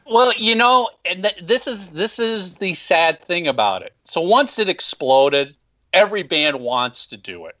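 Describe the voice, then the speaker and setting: Man caller, bright and forceful, blunt opinions, muffled phone-in sound. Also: high voice, sing-song, a little slow. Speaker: podcast host and former band marketer. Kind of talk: casual call-in interview. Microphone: phone call.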